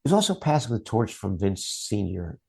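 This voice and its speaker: Middle-aged man, interview guest, very low voice, husky and gravelly, rambling anecdotes. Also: big pitch swings, moderate pace, darkish tone. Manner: long anecdotes, acts out quoted voices. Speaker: interview guest, TV promo producer. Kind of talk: casual interview storytelling.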